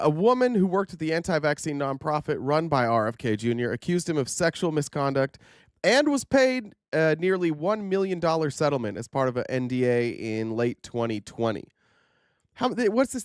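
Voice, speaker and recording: A man's voice: brisk, no echo. A sarcastic man talks straight into his livestream camera, his nose stuffed up from a sinus infection. His voice leaps upward whenever he gets worked up. The sound is close and dry. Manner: sarcastic, animated, pitch jumps up when indignant. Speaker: political commentary host. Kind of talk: casual livestream commentary. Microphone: livestream camera setup.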